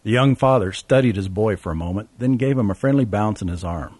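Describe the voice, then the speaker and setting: A man's voice: lowish voice, a little fast, darkish tone, no room sound. A man narrating a travel memoir in a wry, sardonic way.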